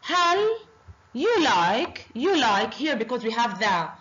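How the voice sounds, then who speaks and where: Woman teaching slowly with many uhs. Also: fairly high pitch, big pitch swings, fairly bright tone, dull audio. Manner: slow and deliberate, with many drawn-out uhs. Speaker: Arabic teacher. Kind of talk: online language lesson.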